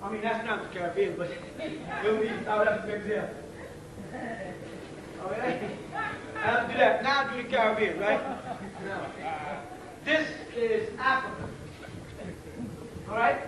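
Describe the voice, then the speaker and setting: A man's voice: sits high, a little slow, long pauses, a crowd in the background. A man giving an informal preaching lecture in slangy speech, often asking his listeners if they follow. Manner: slangy, rhetorical, checks in with listeners. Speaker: religious teacher lecturing a group. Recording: echoey room, distant mic, faint hiss.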